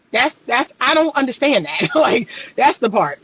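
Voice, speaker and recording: A woman coaching on relationships over a livestream, firing off exasperated rhetorical questions and laughing between points. Her delivery is animated and emphatic. The sound is dry and close, with no room echo. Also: fairly high pitch, moderate pace, breathy edge. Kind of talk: livestream commentary reading viewer comments.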